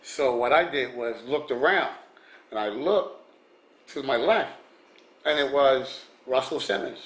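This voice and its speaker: A man vlogger with a mid-range, slightly bright voice rambles casually through stories of meeting celebrities, speaking a little slowly. He restarts often and chuckles softly, recorded in an echoey room.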